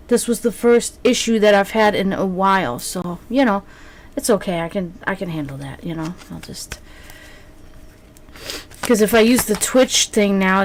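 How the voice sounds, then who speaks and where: Woman streamer just chatting w/ chat, rambly, lots of ums, mid pitch, bit of faint hiss behind. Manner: rambling, many fillers and restarts. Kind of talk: casual chat with stream viewers.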